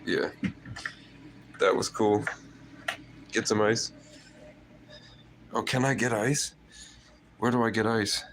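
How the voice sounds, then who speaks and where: Low-voiced guy rambling on a phone livestream, faint hiss behind. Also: steady tone, slow pace, pauses often, fairly bright tone. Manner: rambling, conspiratorial, talks to viewers.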